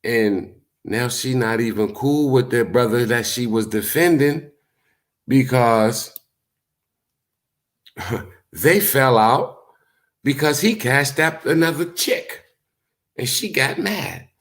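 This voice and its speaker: A man's voice: takes it slowly, long pauses. A man talking casually to his livestream viewers, telling stories in a loose, profane way and acting out what other people said. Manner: animated storytelling, acts out quotes in high voices; profane, laid-back. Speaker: YouTube streamer. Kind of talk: casual live-stream commentary.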